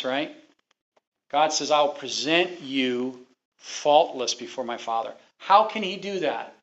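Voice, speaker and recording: In a dull, lo-fi recording, a man preaches to his congregation, asking them questions and driving home his points with emphatic repetition. His pitch is fairly high and his tone fairly bright.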